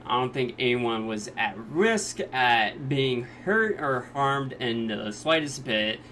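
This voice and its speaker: A man recapping anime episodes in casual, jokey talk, sometimes quickly acting out the characters' lines. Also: medium pitch, pushed and bright, a little hiss or hum. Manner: jokey retelling, quick quoted voices of characters. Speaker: anime reviewer.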